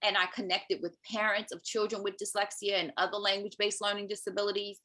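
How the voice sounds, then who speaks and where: Bright-voiced woman telling her story animatedly. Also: medium pitch, fast talker. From Maryland, US. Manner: animated, acts out quoted speech, often adds "right?". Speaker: podcast guest, parent advocate. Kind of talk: personal storytelling in conversation.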